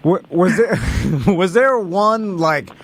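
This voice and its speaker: A man with a high voice co-hosts a talk radio show, stumbling through his points with fillers and frequent laughs. He sounds casual and unpolished. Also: a bit bright. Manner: halting, laughing, many fillers. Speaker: radio co-host.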